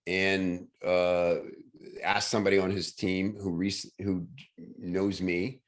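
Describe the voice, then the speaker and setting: A man's voice: low-pitched, little pitch movement, slow pace. A man hosting a casual video-call chat, talking enthusiastically with lots of fillers and restarts. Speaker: host.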